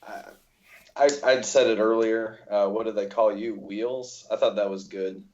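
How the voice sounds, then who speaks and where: A man from Central Kentucky joining a movie podcast as guest, halting with restarts. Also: on the low side, steady tone, a little mellow. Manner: halting, restarts, laughs at others. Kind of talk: casual movie discussion. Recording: dull lo-fi audio.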